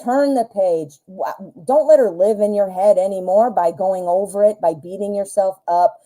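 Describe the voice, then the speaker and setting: A woman's voice: medium pitch, moderate pace, dark tone, poor audio. A woman hosting a live tarot stream, giving emphatic, protective advice to a viewer and scolding him not to be hard on himself. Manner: emphatic, scolding, protective, swears when heated. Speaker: tarot reader host.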